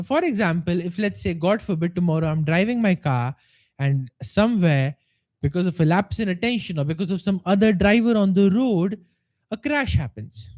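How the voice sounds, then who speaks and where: A man's voice: high voice, mellow. Guy coaching on a livestream, earnest, keeps acting out little quoted voices. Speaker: life coach. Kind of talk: live-streamed motivational talk.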